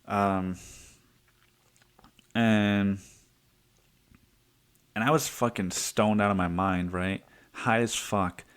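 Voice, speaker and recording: A man's voice: fairly low pitch, fairly even intonation, drawn-out words, pauses often, clean tone. A man hosting a solo podcast, talking in a rambling, profane, self-interrupting way. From United States. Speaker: podcast host. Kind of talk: casual solo podcast monologue.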